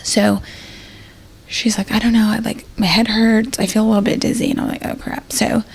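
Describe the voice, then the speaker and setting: A woman with a gravelly, husky voice tells a personal story as a podcast guest. She rambles casually, full of fillers, and acts out what everyone said in the moment. The feel is an emergency nurse talking things through. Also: a little high, little pitch movement, moderate pace.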